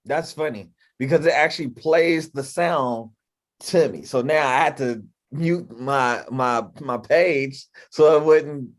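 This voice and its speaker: A man hosting a casual livestream podcast. He talks in quick, excited bursts and often repeats himself. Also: mid-range voice. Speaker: podcast host.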